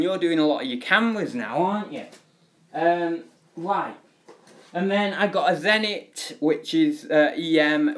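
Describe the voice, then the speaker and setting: A man's voice: mid-range voice, a bit bright. A young man chatting casually on a home live stream, rambling with many fillers.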